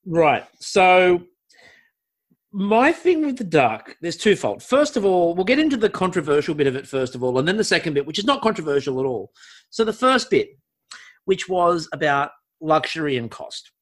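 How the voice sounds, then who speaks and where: A man's voice: on the high side, big pitch swings, moderate pace, fairly bright tone. A man hosting a podcast, talking in an enthusiastic, theatrical way. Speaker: podcast host. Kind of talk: casual chat.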